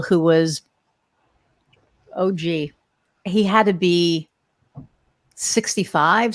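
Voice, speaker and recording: A woman's voice: fairly low pitch, no echo, studio quality. A woman in her sixties hosting a podcast, telling rambling, chatty stories and joking about her age. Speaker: podcast host. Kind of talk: casual conversational interview.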